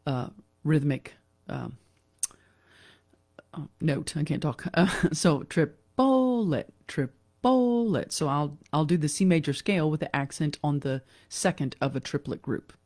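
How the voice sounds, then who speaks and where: A woman giving a casual online piano lesson, talking in a relaxed, chatty way with fillers and self-corrections. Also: sits low, a little slow, no room sound, studio quality. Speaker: piano teacher. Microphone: computer mic during a screen share.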